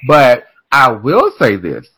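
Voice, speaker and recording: A man hosting a casual, comedic chat, animated and swinging between loud exclamations and muttered asides. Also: mid-range voice, slow pace, breathy edge, no echo, poor audio.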